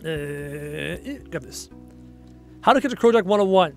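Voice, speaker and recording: High-voiced Canadian man chatting on stream. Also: expressive, measured pace, gravelly, a little mellow, faint music behind. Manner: chatty, thinks aloud and reads out viewer comments. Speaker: livestream gamer. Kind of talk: casual gaming livestream chat.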